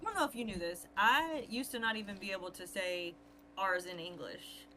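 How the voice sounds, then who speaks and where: A woman's voice: mid-range voice, moderate pace, bright, forceful tone, slight background noise, rough recording. A woman guest on a podcast, telling stories in chatty, casual talk. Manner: chatty storyteller. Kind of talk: casual chat.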